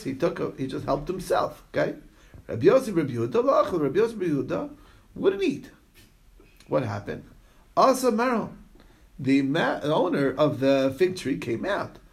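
A man with a slightly high, gravelly voice leads a casual Talmud class. He reads a line of the text aloud, then unpacks it in easygoing, conversational asides, often pausing to check in with his listeners. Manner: storytelling with frequent "okay?" check-ins. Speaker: Talmud teacher.

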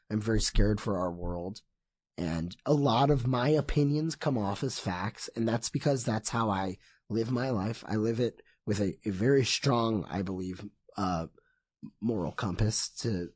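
A man talking as a podcast guest in casual chat, impassioned and excitable, swearing often. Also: fairly low pitch, slightly rough, no echo, studio quality.

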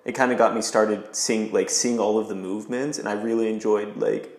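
A young man from Texas, a guest chatting casually with relaxed fillers. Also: on the low side, a little fast, vocal fry. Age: young adult. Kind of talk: casual interview chat. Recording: roomy echo, off-mic.

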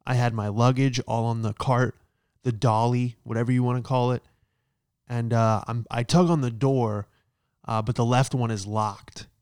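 A man's voice: mid-range voice, smooth, no echo, studio quality. A man ranting in a brash stand-up style, profane and punchy, often checking in with "all right?" and recorded in a hotel room. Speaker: comedian.

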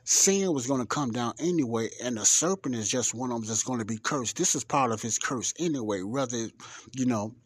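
A man's voice: medium pitch, lively intonation, fairly quick, slightly rough, no room sound. A man hosting a Bible study podcast who reads scripture aloud and explains it in a conversational, emphatic, rambling way. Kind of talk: casual Bible teaching with scripture reading.

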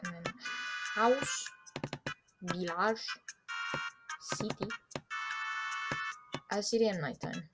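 A woman co-hosting a podcast, chatting casually and making wry, deadpan asides while playing a game. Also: mid-range voice, takes it slowly, pauses often, over loud music. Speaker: podcast co-host.

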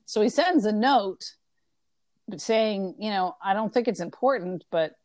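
A woman's voice: mid-range voice, lively intonation, darkish tone, no room sound. A woman in casual conversation, retelling a book's plot and briefly acting out the characters' lines. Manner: chatty retelling, acting out lines in quick voices. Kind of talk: casual book discussion.

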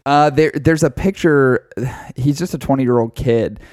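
A man co-hosting a podcast, telling a story in casual, profane, animated chat. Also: medium pitch, unhurried, no echo, clean studio sound. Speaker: podcast co-host.

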